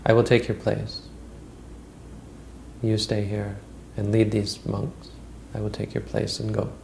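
A man's voice: on the low side, completely flat delivery, measured pace, creaky, a little mellow, a little hiss or hum. A man voicing a loyal, protective senior monk who speaks earnestly and respectfully.

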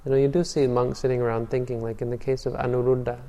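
A man giving a Buddhist dharma talk as a meditation teacher, telling stories calmly and often restarting or repeating words. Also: medium pitch, quick pace. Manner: calm storytelling, frequent restarts and repeated words. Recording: long reverb hall.

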